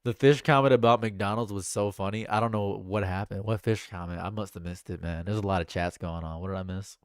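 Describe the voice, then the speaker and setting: A man's voice: lowish voice, fairly even intonation, a little fast, smooth, no room sound. A man streaming casual commentary, joking and chatting as he reads and answers his chat.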